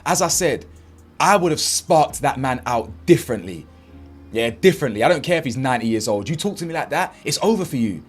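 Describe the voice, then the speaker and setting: A man's voice: medium pitch, brisk, slightly rough, soft background music. A man doing fired-up reaction commentary, acting out what others said and using heavy street slang. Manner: animated and indignant, acts out quotes, heavy slang. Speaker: commentary channel host.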